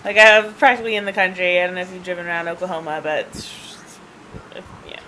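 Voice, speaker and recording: Speaking fast in a lowish, sharp-toned voice, this woman vlogger rambles chattily through a personal story, laughing a lot and filling pauses with ums and restarts. The audio is poor with slight background noise, captured by a handheld device's camera microphone.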